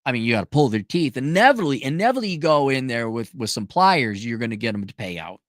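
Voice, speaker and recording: An exasperated man delivers a mocking, sarcastic rant. His pitch jumps around a lot, and the sound is dry and close with no room echo. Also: sing-song, quick pace. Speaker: commentary vlogger. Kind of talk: ranting commentary.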